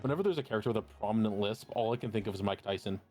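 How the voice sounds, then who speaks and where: A man's voice: lowish voice, rapid-fire, mellow. A man chatting and joking with friends during a game stream. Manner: joking, riffs on bits. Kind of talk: casual chat during a stream. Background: game music.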